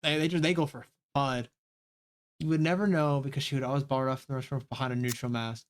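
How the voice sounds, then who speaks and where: A man's voice: mid-range voice, fairly even intonation, brisk. A man streaming a story game live, reading aloud and reacting with frequent swearing.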